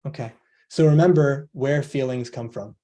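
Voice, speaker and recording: A man's voice: mid-range voice, moderate pace, dark tone. A man giving a motivational coaching talk on a video call, earnest, acting out both sides of imagined conversations.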